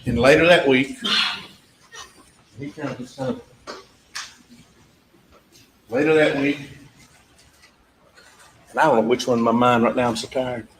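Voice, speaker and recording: A man's voice: mid-range voice, fairly even intonation, unhurried, pauses often. Emphatic man arguing to a jury. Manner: emphatic, repetitive, talks directly to jurors, acts out witness exchanges. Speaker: trial attorney addressing a jury. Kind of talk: courtroom closing argument. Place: courtroom. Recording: echoey courtroom audio with faint background noise.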